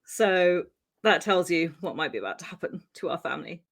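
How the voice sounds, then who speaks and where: A woman's voice: lowish voice, animated, fairly quick, creaky. A woman from Wales, co-hosting a podcast and telling a true-crime case in a chatty style, laughing easily and using many ums. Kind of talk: casual true-crime storytelling.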